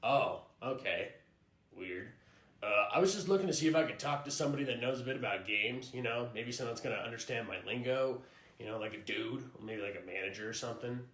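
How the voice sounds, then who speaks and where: A man playing a condescending, sexist male gamer customer who talks low and dismissively. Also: quick pace, fairly bright tone, echoey room, close to an everyday voice. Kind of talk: comedy skit.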